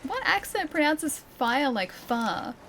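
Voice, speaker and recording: A woman's voice: on the high side, lively intonation, moderate pace, fairly bright tone, a little hiss or hum. A young woman streaming a game, chatting casually and giggling as she thinks aloud. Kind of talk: casual gameplay commentary.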